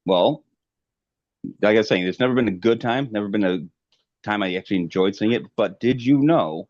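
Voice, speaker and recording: A man from the American Midwest co-hosting a podcast, telling stories in a dry, deadpan way. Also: lowish voice, fairly quick, dry recording, lo-fi sound. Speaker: podcast co-host. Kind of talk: casual chat.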